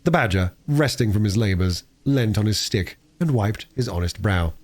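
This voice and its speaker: A man reading a classic novel aloud in an expressive, lively storytelling manner, with the odd small slip. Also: on the low side, normal speed. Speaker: audiobook reader.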